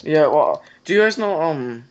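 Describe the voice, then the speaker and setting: A man's voice: on the high side, expressive, normal speed, darkish tone. A young man co-hosting a hunting podcast, talking hesitantly with lots of fillers. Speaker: podcast co-host. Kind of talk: casual chat. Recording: dull lo-fi audio.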